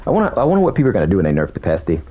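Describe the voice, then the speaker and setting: A young man from South Florida with a very deep, low voice talks casually while he streams a shooter game. His tone is laid-back and easygoing, full of laughter and friendly banter. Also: wildly swooping pitch, racing, narrow, tinny audio. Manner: laid-back, laughs often, says "bro" a lot. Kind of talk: casual chat while gaming.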